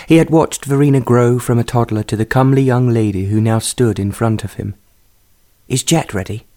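A man reading a period romance novel aloud. His delivery is measured and even, at a middle pitch. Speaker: narrator. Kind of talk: storybook narration.

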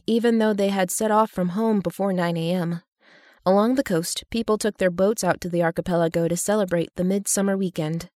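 A woman narrating an audiobook in an even, steady storytelling manner. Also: mid-range voice, dry recording, clean studio sound.

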